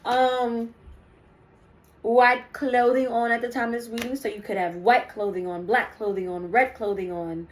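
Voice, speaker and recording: With a slightly high voice, steady tone, and normal speed, a young spiritual reader rambles chattily through a card reading for her viewers, full of ums and side comments. The audio is poor.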